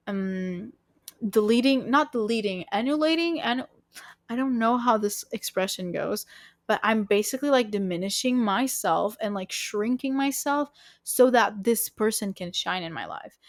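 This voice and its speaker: This podcast host talks relationships in a casual, frank, emphatic way, dropping frequent swear words and padding pauses with "like" and "you know." Her pitch is medium, and the studio-quality audio has no echo.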